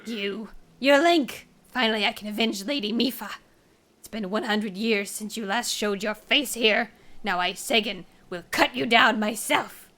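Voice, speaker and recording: A woman doing a fervent young male soldier of a fish-like folk, all bluster and pride. The voice is bright and ringing, and he declares his own name with grand ceremony, as game dialogue read aloud. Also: a little high, measured pace. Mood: boastful.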